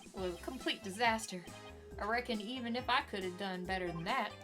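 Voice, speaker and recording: A woman voicing a gruff middle-aged male janitor with a put-on Southern drawl and folksy, teasing speech. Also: medium pitch, fairly quick, over music, lightly acted. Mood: grumbling.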